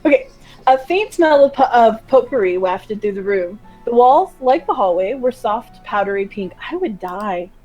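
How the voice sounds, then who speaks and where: A woman's voice: fairly high pitch, lively intonation, moderate pace, darkish tone, highs cut off, faint music behind. A woman hosting a gaming video, reading visual novel narration aloud with giggly, joking asides. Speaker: gaming channel host.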